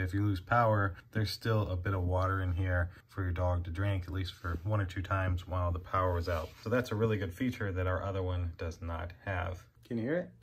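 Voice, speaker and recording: A man vlogging a casual product setup and talking his viewers through each step. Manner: chatty, talks to his dogs in a high coaxing voice.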